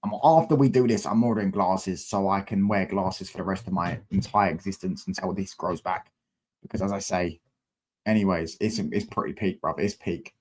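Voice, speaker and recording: A man's voice: low-pitched, moderate pace, darkish tone. A young man, a football fan streamer, frustrated and slangy, swearing as he talks to his chat from a desk mic at home. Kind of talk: live-stream fan rant.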